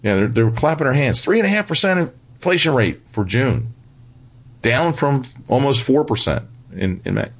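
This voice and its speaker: A man's voice: medium pitch, big pitch swings, moderate pace, slightly rough. A man being interviewed as a financial commentator. He talks bluntly and with a touch of sarcasm, and keeps pressing his points with "right?" and "okay?". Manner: emphatic, repeats "right?" and "okay?" for emphasis. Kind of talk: interview answers.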